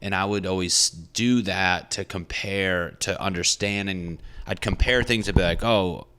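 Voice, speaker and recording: A man's voice: sits low, fairly even intonation, unhurried, sharp tone, clear, resonant tone. A young man, a comedian hosting his own podcast, talking in a rambling, profane, self-reflective way. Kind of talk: casual solo podcast monologue.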